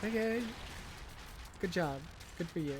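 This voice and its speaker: A man's voice: high voice, animated, measured pace, noisy background. A young man streaming a video game live, ranting and swearing in frustration at his character. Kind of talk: live gameplay commentary.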